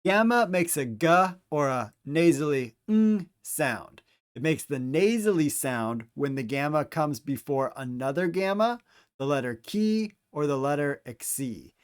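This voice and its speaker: Slow, deliberate male Greek teacher. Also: on the high side, animated, smooth. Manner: slow, deliberate, repeats each example word. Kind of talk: slow instructional pronunciation lesson.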